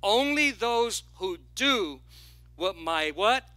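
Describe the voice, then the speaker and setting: A male pastor preaching a sermon, animated and lively, drawing call-and-response from the congregation with playful asides. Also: high voice, slow, clean tone, no room sound. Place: church sanctuary.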